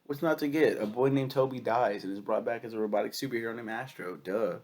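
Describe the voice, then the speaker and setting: A young man with a cold and a cough, casually reviewing a film, swearing a lot and rambling excitedly. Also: medium pitch, quick pace. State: sick with a cough.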